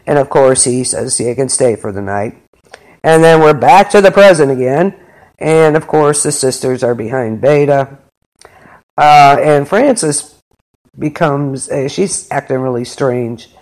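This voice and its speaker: A man's voice: medium pitch, expressive, unhurried, darkish tone. A man hosting a podcast, recapping a show episode in a rambling, filler-heavy way. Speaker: podcast host. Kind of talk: casual episode recap chat.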